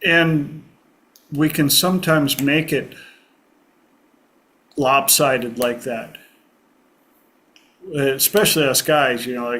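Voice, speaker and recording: Man, talk host, slow unhurried delivery, reflective, pauses for words. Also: medium pitch, steady tone, fairly bright tone. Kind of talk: casual group discussion.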